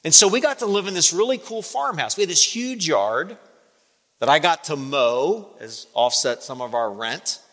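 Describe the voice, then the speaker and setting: A man gives a sermon with a bright, forceful voice, pitched a little above the usual. He tells a story and acts out the dialogue with big jumps in pitch. A long hall reverb trails behind his words. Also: sing-song, normal speed. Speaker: pastor.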